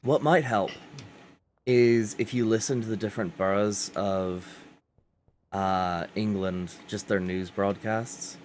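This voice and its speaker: A man's voice: on the low side, fairly even intonation, slow, darkish tone, a little hiss or hum. A man co-hosting a podcast in casual chat, hesitant, with many fillers. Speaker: podcast co-host.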